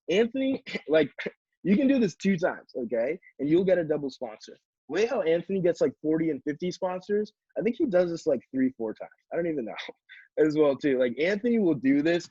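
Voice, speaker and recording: A young man training salespeople, acting out a sales pitch in a casual, upbeat way full of "like" fillers. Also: expressive, a little fast, dark tone, slightly rough, no echo. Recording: dull, slightly lo-fi dry sound.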